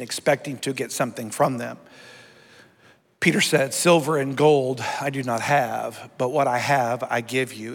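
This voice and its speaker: A man's voice: medium pitch, a bit bright. A middle-aged man preaching a sermon as pastor, emphatic and leading his congregation in reading Scripture aloud. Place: church sanctuary before a congregation, also streamed online. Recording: long hall reverb.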